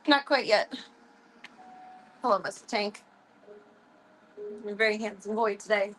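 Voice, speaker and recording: A woman of middle pitch talks casually to her stream from home. She chats in a relaxed, wry way. She slips into cooing baby talk whenever she turns to her pets. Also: moderate pace, long pauses. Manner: chatty and wry. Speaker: live streamer.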